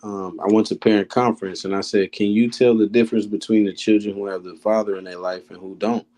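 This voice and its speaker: A man's voice: on the low side, little pitch movement, fast, dark tone. A man speaking bluntly and with profanity in a casual panel chat, often talking over the others.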